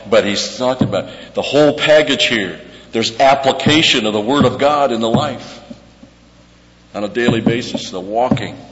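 A man preaching a verse-by-verse sermon, repeating key words slowly for emphasis. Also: lowish voice, fairly bright tone. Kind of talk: expository sermon on scripture. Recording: dull echoey hall with faint hum.

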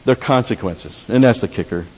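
A man's voice: on the low side, fairly quick, darkish tone. A man preaching a sermon in a conversational way, with asides and restarts, leading the congregation in prayer. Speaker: pastor. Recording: dull roomy hall recording with faint hiss.

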